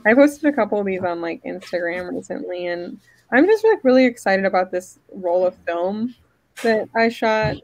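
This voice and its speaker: A woman co-hosting a casual chat, talking in a halting way full of "like" and "um". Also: mid-range voice, a little mellow, dry recording, poor audio. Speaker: co-host, photographer.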